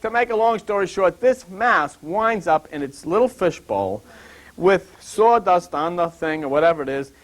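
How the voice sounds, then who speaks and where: An older man giving a rambling Bible talk and drifting into funny personal stories in an animated, digressive way. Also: high voice, normal speed. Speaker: Bible teacher.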